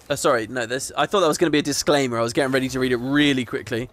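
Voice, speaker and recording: A man's voice: medium pitch, rapid-fire. A man hosting a gaming video, chatting casually and reading game text aloud with amused, mock-dramatic commentary. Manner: animated, chuckling, mock-dramatic.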